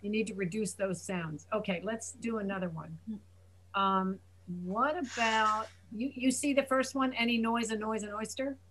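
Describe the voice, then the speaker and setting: A woman's voice: medium pitch, moderate pace, fairly bright tone, slight background noise, rough recording. A woman teaching English pronunciation in an online class, patiently repeating and demonstrating sounds. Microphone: video call.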